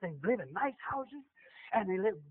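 A man preaching a sermon, calling out to the congregation with animated back-and-forth questions. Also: sits high, normal speed, breathy edge. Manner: animated call-and-response preaching. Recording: tinny lo-fi radio broadcast.

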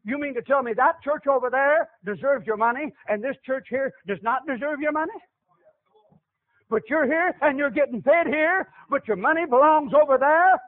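A man's voice: very high-pitched, moderate pace. A middle-aged man preaching a sermon, with an emphatic, repetitive cadence. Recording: tinny phone-like lo-fi audio.

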